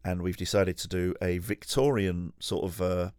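A man with a deep, low-pitched voice tells a long story in a loose, rambling way, swearing freely, cutting himself off to restart, and making fun of himself. The recording is dry and close, with no room sound. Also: fairly even intonation, moderate pace, darkish tone, clean tone, dry recording. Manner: rambling, sweary, self-deprecating, with frequent restarts and laughs. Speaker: podcast host. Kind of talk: casual storytelling monologue. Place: at home.

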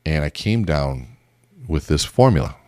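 Male communication coach with a very low voice and a dry, close sound, who teaches through animated stories. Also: unhurried, dry recording. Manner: lively storytelling, acts out both sides of conversations. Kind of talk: teaching talk with acted-out examples.

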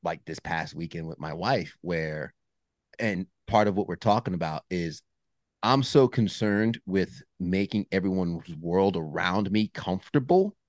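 A man with a very deep voice, recorded close and dry. He speaks as a podcast guest, earnest and reflective, opening up about his feelings in relaxed conversation. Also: unhurried, no room sound. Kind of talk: casual conversation.

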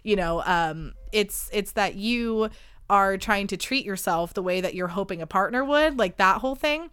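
Bright chatty woman in her late twenties. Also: lively intonation, normal speed, smooth, dry recording. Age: late 20s. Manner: chatty and self-deprecating, with frequent fillers and pitch jumps. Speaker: podcast host. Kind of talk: casual confessional chat.

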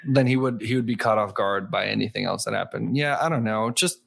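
A relaxed man chatting casually about a book as co-host, his voice fairly low with a gravelly fry. The sound is dry and close. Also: a little fast, no room sound. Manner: relaxed, full of fillers. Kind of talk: casual chat.

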